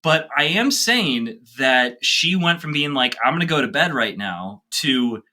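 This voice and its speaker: A man's voice: fairly high pitch, expressive, a little slow, bright, forceful tone. A man co-hosting a casual podcast chat, speaking with enthusiasm and playful exaggeration. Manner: enthusiastic, playfully over the top.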